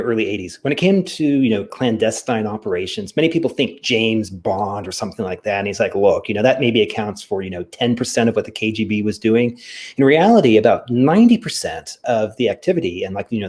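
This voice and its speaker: A man's voice: fairly low pitch, lively intonation, fairly quick, darkish tone. A man co-hosting a podcast, explaining at length in a casual way, with frequent "you know" fillers. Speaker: podcast co-host. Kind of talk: casual discussion.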